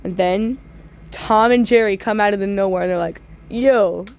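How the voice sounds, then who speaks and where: A woman telling absurd comic stories in a drawling way, with sudden loud squealing outbursts. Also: medium pitch, fairly even intonation, a little fast, clean tone, muffled recording. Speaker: storyteller. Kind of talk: absurd comedic storytime.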